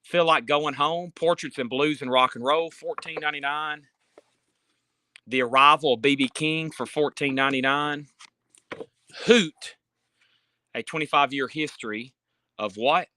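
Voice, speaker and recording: This fairly high-pitched man speaks in a pushed, bright voice, unhurried and with long pauses, even though he's out of breath. He's doing casual live sales patter inside a store, holding his phone to stream book titles and prices along with chatty side comments.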